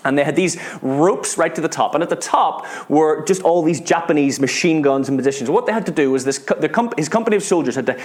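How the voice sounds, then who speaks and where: A British man preaching a sermon, retelling a story with earnest feeling, often repeating words and dropping to a hush at tense moments. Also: fairly high pitch, animated, fast talker, few pauses. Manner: earnest, repeats words, drops to hushed tones at dramatic moments.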